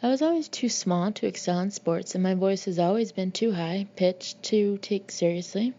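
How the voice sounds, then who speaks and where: A woman's voice: mid-range voice, normal speed, mellow, close to an everyday voice. A woman reading the part of a small, cocky young male Marine pilot who talks in an earnest, self-assured way. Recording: dull lo-fi recording.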